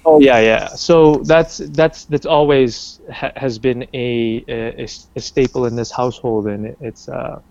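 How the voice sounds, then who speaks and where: A man's voice: medium pitch, unhurried, creaky, few pauses, no room sound, muffled recording. A young man from Canada being interviewed, talking casually with lots of fillers and restarts. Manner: rambling, many restarts and fillers, animated when quoting.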